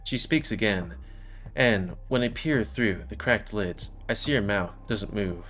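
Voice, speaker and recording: Let's player reading a visual novel in the first person; low voice, casual asides, soft music underneath. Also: male voice, a little slow.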